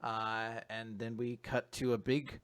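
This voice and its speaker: A man hosting a podcast, recapping comic chapters in loose, animated casual chat with lots of fillers and the odd swear word. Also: mid-range voice, clean tone. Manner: loose, animated retelling with quick voices. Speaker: podcast host.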